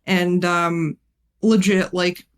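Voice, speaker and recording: A woman's voice: fairly low pitch, level tone, extremely slow, clear, resonant tone. A woman teacher chatting casually on a game stream, telling a rambling story, swearing freely and laughing often. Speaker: art teacher and tabletop game player.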